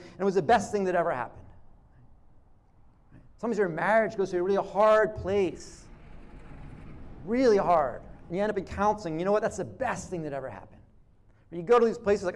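High-voiced casual male preacher. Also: lively intonation, fairly quick. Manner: conversational, acts out dialogues, frequent restarts. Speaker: pastor. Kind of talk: sermon.

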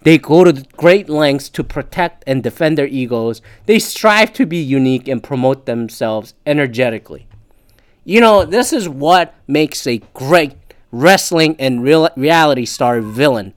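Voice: medium pitch, very animated, normal speed. A podcast host reading an article aloud and breaking off into sarcastic, profane asides in casual commentary. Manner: profane, sarcastic asides between read passages.

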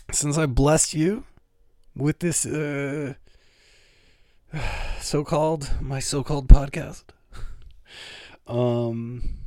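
A man's voice: mid-range voice, a little mellow, dry recording, clean studio sound. A man hosting his own comedic podcast, rambling and self-mocking with a sarcastic edge. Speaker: podcast host. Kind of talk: solo comedic podcast monologue.

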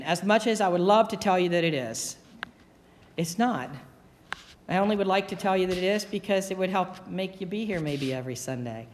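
A man's voice: sits high, a bit bright, in a large hall. A man preaching a sermon as pastor, earnest and repeating key phrases for emphasis.

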